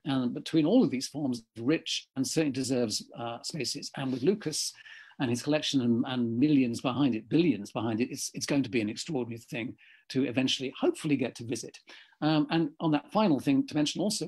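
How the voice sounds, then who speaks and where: A slightly hoarse man giving a discursive lecture over a video call, often correcting himself mid-sentence. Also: mid-range voice, fairly quick, a little mellow.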